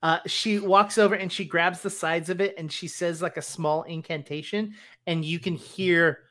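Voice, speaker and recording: A woman's voice: fairly low pitch, fairly even intonation, moderate pace, a bit bright. A woman narrating as game master in a casual tabletop session, talking loosely with lots of fillers.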